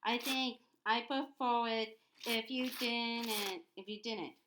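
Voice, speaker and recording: A woman reading the lines of a loud, aggressive grown man who acts as a godfather, in a noisy home recording. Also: a little high, steady tone, slow, echoey room. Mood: defiant.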